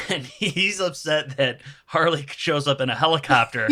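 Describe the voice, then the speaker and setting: Lively, bright-toned man retelling with laughs. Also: on the high side, measured pace, a little hiss or hum. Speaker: comedian guest. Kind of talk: casual podcast chat.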